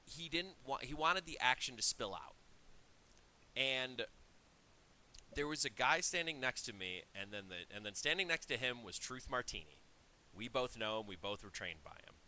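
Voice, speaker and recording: Bright-voiced male podcast co-host. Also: mid-range voice, expressive, measured pace, long pauses. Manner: storytelling, chatty with restarts. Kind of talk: casual chat.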